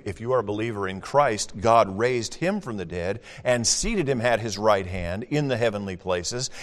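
An older man preaching a sermon as pastor, folksy, moving between booming scripture reading and quiet, chatty asides. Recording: long hall reverb.

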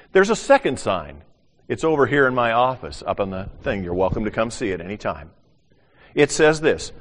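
An older man preaching a sermon as pastor, animated, acting out little voices and swinging from loud to hushed. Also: medium pitch. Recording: long hall reverb.

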